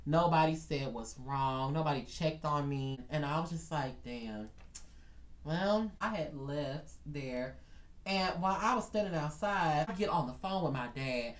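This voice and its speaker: A man telling a dramatic storytime vlog in an animated way, talking straight to his viewers. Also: a little high, normal speed, reverberant. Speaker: vlogger.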